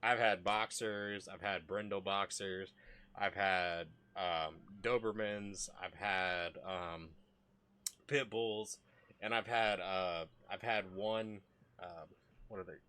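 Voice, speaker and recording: A man's voice: deep voice, fairly even intonation, takes it slowly, sharp tone, clean tone. A man streaming casual commentary, rambling and profane with many restarts.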